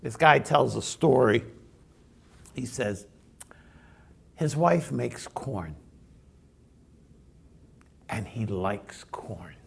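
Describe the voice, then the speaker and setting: Slow, gravelly preaching man. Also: medium pitch. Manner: conversational storytelling preaching. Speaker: pastor. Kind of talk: sermon.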